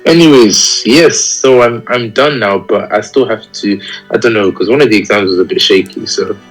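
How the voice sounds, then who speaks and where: A young man, a university student, chatting on a call in a relaxed, easygoing way. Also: fairly low pitch, normal speed, soft background music, low-quality recording. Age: young adult. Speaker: caller on stream. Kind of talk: casual call chat.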